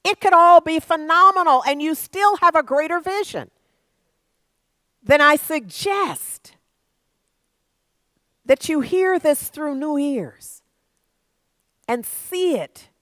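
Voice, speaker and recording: High-voiced woman preaching slowly. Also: very animated, bright, forceful tone, no echo. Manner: conversational, building to emphatic preaching. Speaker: minister. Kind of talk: sermon.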